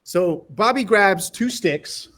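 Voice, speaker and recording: A man with a high voice tells a casual story as a podcast guest. He slips into quick impressions of the people involved and breaks into laughter between lines. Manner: animated anecdotes, acting out other people's lines and laughing often. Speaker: martial arts instructor, podcast guest.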